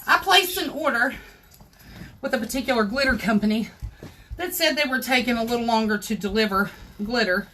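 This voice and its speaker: A woman's voice: on the high side, brisk, sharp tone, a little hiss or hum. A woman, hosting a casual live crafting tutorial at home and chatting straight to her viewers. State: out of breath.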